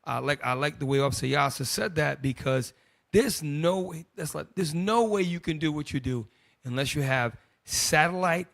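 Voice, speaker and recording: A man's voice: fairly high pitch, normal speed, creaky, a bit bright, dry recording, studio quality. A man hosting a group discussion, commenting bluntly and casually on news clips. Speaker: host.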